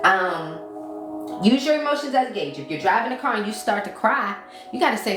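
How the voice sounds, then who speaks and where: A woman's voice: on the high side, lively intonation, a little slow. A woman giving a casual livestream talk as a mindset coach. She repeats key phrases and stops to answer viewer comments. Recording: roomy sound with music behind. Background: background music.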